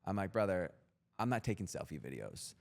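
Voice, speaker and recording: A man's voice: low voice, big pitch swings, fairly quick, gravelly. A young man as a podcast guest, telling his story in a blunt, profane, intense motivational way. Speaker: guest entrepreneur.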